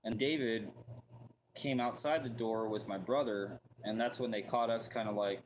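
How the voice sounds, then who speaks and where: A man's voice: lowish voice, normal speed, slight background noise, rough recording. A man telling a personal story in a casual, rambling way, full of fillers and restarts.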